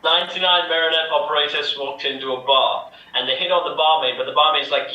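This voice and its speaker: A man playing in an online improv comedy game, telling jokes in a halting, unhurried way. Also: fairly high pitch, fairly even intonation, bright, forceful tone, distant mic. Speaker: improv player. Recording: dull echoey mic from afar.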